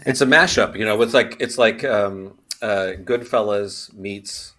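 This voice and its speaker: A man's voice: lowish voice, measured pace, sharp tone. A man on a comedy panel talking casually, rambling through his points with fillers and restarts.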